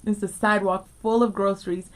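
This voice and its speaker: A woman's voice: medium pitch, little pitch movement, fairly quick, distant mic, rough recording. A woman co-hosting a morning radio show, chatting in a bubbly, enthusiastic way with lots of fillers. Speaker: radio co-host. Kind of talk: casual radio chat.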